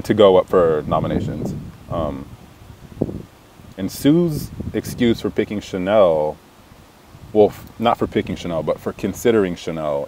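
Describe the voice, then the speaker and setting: Low-voiced young man gossiping casually. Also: a little mellow, a little hiss or hum. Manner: chatty and catty, lots of "like" fillers, laughs often. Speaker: reality TV recap vlogger.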